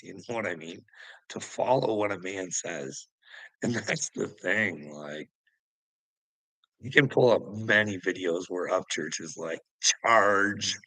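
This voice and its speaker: A man's voice: sits low, pushed and bright, dry recording, low-quality recording. A man delivering an angry, scornful monologue that is heavy on swearing, calling out people online. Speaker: online commentator. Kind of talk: profane ranting monologue.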